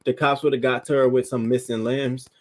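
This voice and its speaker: A man's voice: mid-range voice, little pitch movement, a little fast. A man hosting a commentary show, reacting to news stories with emphatic, profane outrage.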